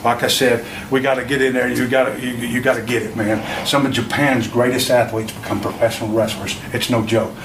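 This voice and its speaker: A man with a drawl gives a young wrestler a pep talk, emphatic and circling back on himself. He sits some way off the mic in an echoey room with a lot of noise around him. His pitch sits in the middle. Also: little pitch movement, brisk, hardly any pauses. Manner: rambling, emphatic, repeats himself. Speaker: veteran wrestler coaching a young wrestler. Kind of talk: motivational pep talk from a promo video. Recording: echoey, distant, noisy room.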